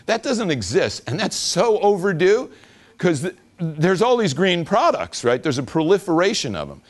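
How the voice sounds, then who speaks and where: A man's voice: on the high side, very animated, fairly quick. A man giving a casual, joking talk to an audience at an event, laughing along with them. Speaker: speaker at a business event.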